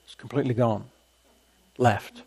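A man preaching a sermon as pastor, emphatic and repetitive, with deliberate bursts of laughter. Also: mid-range voice, steady tone, darkish tone, slightly rough.

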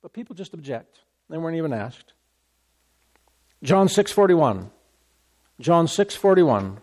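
A man preaching a sermon, repeating scripture references and mocking complainers in an animated way. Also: fairly high pitch, measured pace. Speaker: pastor.

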